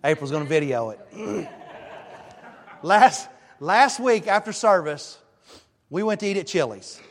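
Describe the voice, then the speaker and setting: A male pastor delivers a sermon with a high, bright voice. He tells stories in an animated way, pushing his voice up for emphasis. A long reverb from the church hall hangs on every word. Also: unhurried. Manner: animated storytelling, emphatic rises. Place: church sanctuary.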